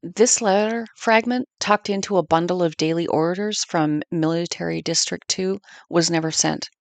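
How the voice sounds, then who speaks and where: A woman's voice: fairly low pitch, moderate pace, creaky, dry recording. A woman in her fifties narrating a family war history in an earnest, reflective way. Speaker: podcast narrator.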